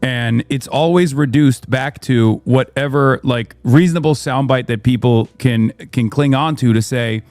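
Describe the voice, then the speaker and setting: A man's voice: medium pitch, unhurried, few pauses, a little mellow, dry recording. Earnest male political commentator, dry sound.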